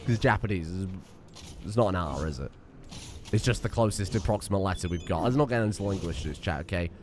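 A man's voice: deep voice, animated, quick pace, background noise. A man streaming a video game, rambling and self-mocking, swearing casually as he goes. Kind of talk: casual gameplay commentary.

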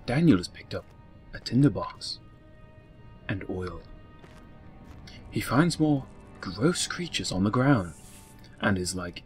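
Slow mock-formal gaming man. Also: fairly low pitch, lively intonation, faint music behind. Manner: mock-formal narration, whispered asides. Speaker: gaming YouTuber. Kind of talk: comedic let's play commentary.

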